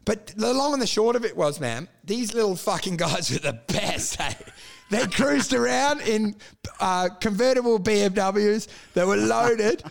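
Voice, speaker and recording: High-voiced crude storytelling man. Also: unhurried, creaky. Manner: crude, animated, laughs through stories. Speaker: guest telling stories. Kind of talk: casual storytelling chat.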